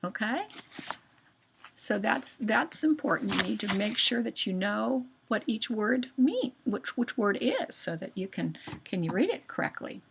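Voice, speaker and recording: A woman's voice: mid-range voice, big pitch swings, measured pace, gravelly, background noise. A woman teacher explaining reading fluency to children in simple words, often checking in with them. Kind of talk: classroom reading lesson for children.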